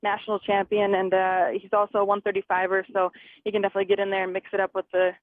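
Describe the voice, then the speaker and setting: A woman's voice: medium pitch, completely flat delivery, very fast, no echo. A young woman in her twenties, a fighter guest, chatting on a phone call, laughing often and acting out conversations. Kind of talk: phone interview. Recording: tinny phone line.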